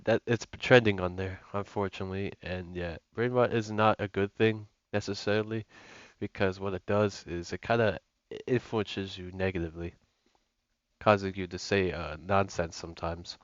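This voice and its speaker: A man's voice: sits low, fairly even intonation, moderate pace, no echo. A young man giving casual gameplay commentary as a gaming YouTuber, rambling with lots of fillers and restarts. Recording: lo-fi with music and mains hum.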